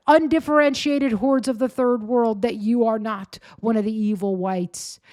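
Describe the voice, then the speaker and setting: A woman hosts a show in a loose, rambling commentary, sarcastic and mocking throughout. Her voice sits a touch high for a woman and sounds dry and close, with no room around it. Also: no echo. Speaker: podcast host. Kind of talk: casual commentary.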